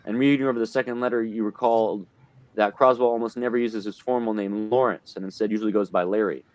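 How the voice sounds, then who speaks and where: A man's voice: on the low side, steady tone, fast talker, darkish tone. A man narrating and recapping a tabletop horror game as game master, hesitant with many fillers and restarts, talking into a desk mic on an online call.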